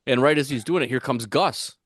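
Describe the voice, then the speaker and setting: A man telling a rambling fishing-tournament story on a podcast, with lots of fillers and restarts, getting animated when he acts out what others said. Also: medium pitch, fairly quick, no room sound, clean studio sound. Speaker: tournament angler guest.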